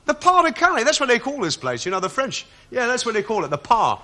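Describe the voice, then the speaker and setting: A cocky squaddie. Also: male voice, very high voice, huge pitch swings, fast, sharp tone, full character voice. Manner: cheeky, boastful, laughing. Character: cocky boastful young British private.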